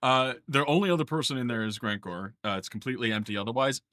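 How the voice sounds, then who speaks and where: Bright-voiced man running a game. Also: mid-range voice, fast. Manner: casual, laughing, lots of uh fillers. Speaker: game master. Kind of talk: narrating a tabletop game.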